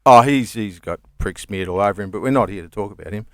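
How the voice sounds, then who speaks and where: A man's voice: lowish voice, quick pace, a bit bright, no room sound, studio quality. A comedian man with an Australian accent, telling rambling stories in casual chat, laughing and swearing as he goes. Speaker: comedian guest.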